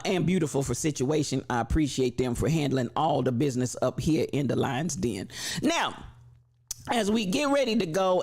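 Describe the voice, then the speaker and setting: A man hosts a live stream with a voice that is gravelly and rough from allergies, sitting a little higher than most men's. He greets his viewers in an animated, repetitive cadence, much like a preacher working up a crowd. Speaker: livestream host.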